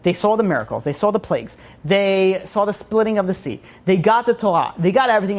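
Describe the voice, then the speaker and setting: A man giving an informal religious class, rambling with many restarts and animated asides. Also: high-pitched, fast talker, few pauses. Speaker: Torah teacher.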